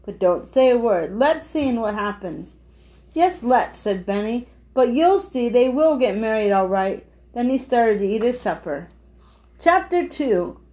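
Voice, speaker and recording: A woman's voice: on the high side, expressive, measured pace, mellow, poor audio. A woman reading a children's chapter book aloud, giving the characters light voices. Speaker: storyteller.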